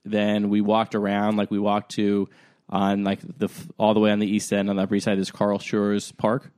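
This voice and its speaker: Young male podcast co-host: low-ish voice, rambling and self-deprecating, casual comedic storytelling, dry close sound. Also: completely flat delivery, normal speed, darkish tone, clean tone, no room sound.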